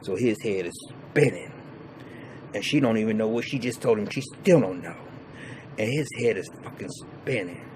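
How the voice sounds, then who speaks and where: A man's voice: lowish voice, animated, normal speed, a little mellow, a little hiss or hum, rough recording. A man giving a casual, profane, rambling episode recap, full of restarts and fillers. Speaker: TV show reviewer.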